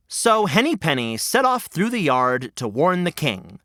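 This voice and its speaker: A man hosting a children's story podcast, narrating in a playful, animated way. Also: on the high side, measured pace, few pauses, no echo, studio quality.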